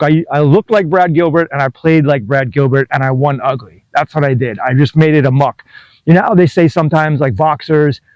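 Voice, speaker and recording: A man's voice: fairly high pitch, darkish tone, no room sound, highs cut off. A man in his fifties telling a rambling, self-deprecating story to camera, chuckling as he goes. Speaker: tennis vlogger.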